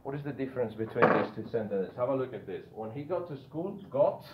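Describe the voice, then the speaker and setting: A man teaching an English grammar lesson. He explains slowly, repeats and stresses key words one at a time, and keeps checking that the listener follows. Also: mid-range voice, animated, roomy sound, lo-fi sound, very noisy.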